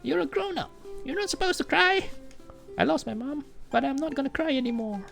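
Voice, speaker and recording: A man voicing a tearful but defiant little girl in a game, in a shrill scolding child voice. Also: lively intonation, a little fast, creaky, fairly bright tone, soft background music, heavily acted.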